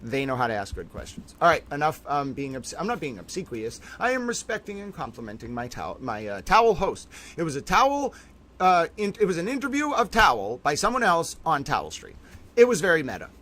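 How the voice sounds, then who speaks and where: A man's voice: fairly high pitch, wildly swooping pitch, a little fast, a bit bright. A man hosting a long live stream, rambling playfully in mock-grand, theatrical wording, a little tired late in the session. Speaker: livestream host.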